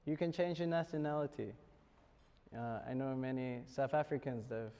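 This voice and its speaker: An Australian man speaks to students in a university lecture hall at a middle pitch, with a long reverb trailing behind his voice. He keeps it light and jokey and chuckles between points. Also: moderate pace, dark tone. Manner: joking, chuckles often. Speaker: spiritual speaker.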